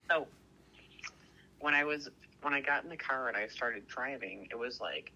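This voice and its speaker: A man telling a story in casual chat, excitable and rambling, swearing constantly and stuffing every sentence with "like". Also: mid-range voice, normal speed, dull audio. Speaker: podcast co-host.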